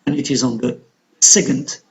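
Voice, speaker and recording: A man teaching an English lesson on word stress, explaining slowly and counting syllables aloud. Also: mid-range voice, fairly even intonation. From Algeria.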